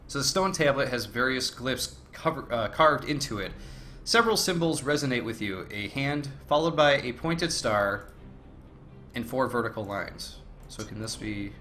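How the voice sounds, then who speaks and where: Guy doing a let's play, reads the game text out loud, bright voice, faint noise behind. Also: medium pitch, normal speed. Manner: reads game text aloud between relaxed remarks. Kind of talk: casual gameplay commentary.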